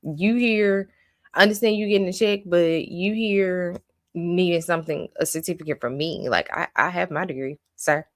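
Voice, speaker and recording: A woman's voice: on the low side, moderate pace, no echo, clean studio sound. A woman giving a casual recap and review of a reality show, blunt and opinionated, venting her exasperation.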